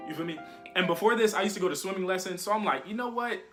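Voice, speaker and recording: A young man telling a story to his viewers in a casual, slangy, animated way. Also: high voice, very fast, faint music behind. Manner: slangy, animated, keeps saying "you feel me".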